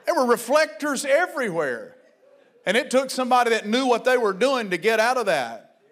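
High-voiced fervent male preacher. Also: very animated, normal speed. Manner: fervent, rising to shouted exhortations, then quiet storytelling. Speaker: pastor. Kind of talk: sermon.

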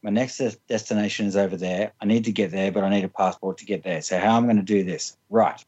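A man's voice: on the low side, fairly even intonation, fast talker, darkish tone, slightly rough, lo-fi sound. A man telling funny personal stories in a loose, rambling way, laughing often and filling with "like". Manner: rambling, laughs often, many fillers and restarts. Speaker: interview guest. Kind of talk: casual storytelling.

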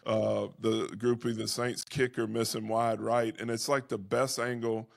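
A man's voice: mid-range voice, level tone, a little slow, gravelly, no echo, clean studio sound. A middle-aged man hosting a podcast, a former pro football player, chatting in easygoing, teasing banter. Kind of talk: casual podcast chat.

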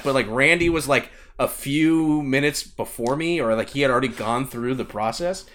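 A man co-hosting a casual podcast chat, telling a rant with swearing and loud bursts. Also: medium pitch, moderate pace, hardly any pauses. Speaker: podcast co-host.

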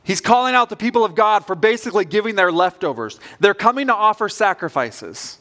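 A man's voice: high voice, animated, fairly quick, a bit bright. A man preaching a sermon as pastor, earnest and direct in a conversational way.

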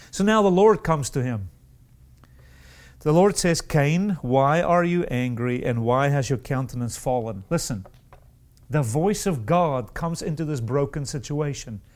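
A man preaching a sermon, with repeated words and restarted phrases, and sudden rises in pitch. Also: lively intonation, measured pace, darkish tone.

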